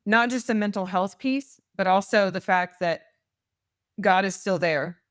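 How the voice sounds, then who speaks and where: A Texan woman in her forties appears as a guest on a faith-based interview podcast, recounting her story earnestly and emotionally. Her mid-range voice is unhurried, captured dry with clean studio sound.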